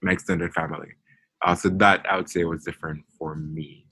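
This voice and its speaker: Deep-voiced man chatting loosely. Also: flat delivery, brisk, bright, forceful tone, slightly rough, dry recording. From Jamaica. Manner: loose, filler-heavy talk with many "like"s. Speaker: podcast host. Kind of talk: casual conversation.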